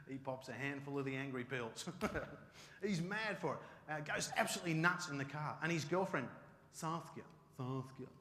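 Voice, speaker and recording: A man with an Australian accent giving an animated, joking keynote talk. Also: a little high, normal speed, a little hiss or hum. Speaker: keynote speaker. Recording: echoey hall, live stage.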